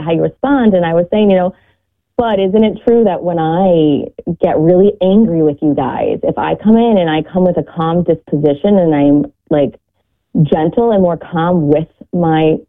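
Earnest woman guest on the phone, low-pitched, heartfelt faith talk, tinny line. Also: moderate pace. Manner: earnest, heartfelt, quotes scripture. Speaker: guest mother and podcaster.

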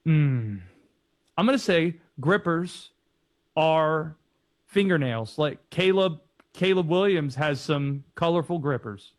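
A man's voice: a little high, animated. Playful man hosting sports radio. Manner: playful, quick to joke. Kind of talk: casual sports radio chat.

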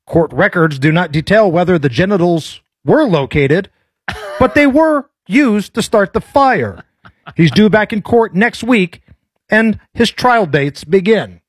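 A male radio host, talking in a high, bouncy voice that swings widely in pitch. He banters playfully and puts on a mock newscaster read now and then. His voice is a little husky, and the sound is dry and close. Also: dry recording. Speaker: radio talk show host.

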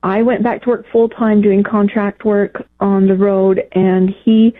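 A woman calling in to a radio advice show, talking in a halting, emotional way with many pauses and fillers. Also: medium pitch, little pitch movement. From Texas, United States. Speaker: caller. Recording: phone-line call.

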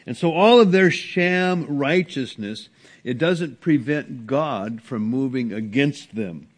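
A man preaching an earnest sermon as a pastor, with sudden rises and drops in pitch and loudness. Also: lively intonation, takes it slowly. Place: church sanctuary.

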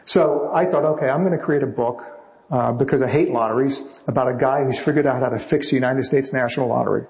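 A man, a novelist being interviewed, telling anecdotes in a lively way and acting out the voices of the people in them. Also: mid-range voice, fast talker, muffled recording. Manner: lively storyteller acting out quotes. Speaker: novelist guest.

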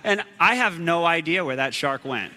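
A man preaching a storytelling sermon, animated and dramatic, with sudden shouts. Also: a little high, moderate pace, in a large hall.

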